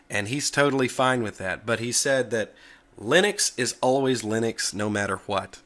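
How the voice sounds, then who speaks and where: Bright-voiced man chatting about tech. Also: medium pitch. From United States. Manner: relaxed, chatty, self-correcting. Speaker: tech video host. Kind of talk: casual talk to camera.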